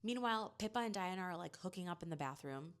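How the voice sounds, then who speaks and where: Low-voiced woman recapping TV episodes. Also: expressive. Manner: chatty, filler-heavy "like" storytelling; paraphrases characters in quick quoted asides. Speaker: TV recap host.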